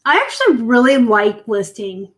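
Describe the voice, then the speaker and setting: A woman's voice: a little high, very animated, moderate pace, fairly bright tone. A woman from the West Coast hosting a casual live stream, chatty and rambling, with her voice sometimes rising at the ends of phrases. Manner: chatty and rambling, upspeak at times. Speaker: live show host and reseller.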